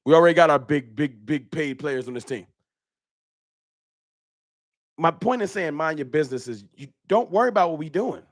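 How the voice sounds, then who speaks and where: A man hosting a casual live-stream fan talk show, animated and slangy, often repeating his words. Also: a little high, quick pace, no echo, clean studio sound.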